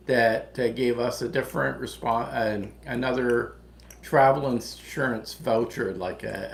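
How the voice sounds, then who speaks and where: Gravelly, low-voiced man in an echoey room. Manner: halting, full of ums and restarts. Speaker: co-host. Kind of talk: casual chat. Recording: echoey room with faint background noise.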